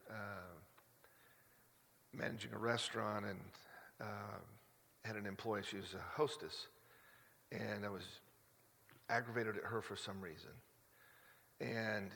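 A man's voice: mid-range voice, a bit bright. Man preaching in a reverberant hall. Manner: conversational and confessional, many restarts, rising to emphatic peaks. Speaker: pastor. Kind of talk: sermon.

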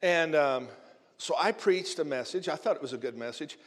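Male minister, fairly high voice, telling a lively story in a sermon; long hall reverb. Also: normal speed. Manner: animated storyteller, chuckling as he talks.

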